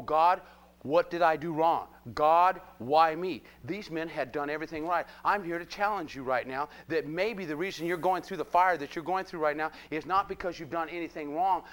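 A preacher delivers a live sermon in a lively, joking way. He keeps pressing his listeners with quick rhetorical questions. His man's voice sits on the higher side. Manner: animated, jokey, prods the crowd with rhetorical questions.

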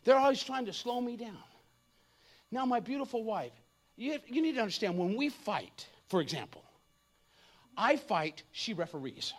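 A man in his fifties preaching an energetic, comedic sermon, joking and acting out voices. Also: extremely high pitch, normal speed, long pauses. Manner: animated, jokey, acts out voices, shouts at times.

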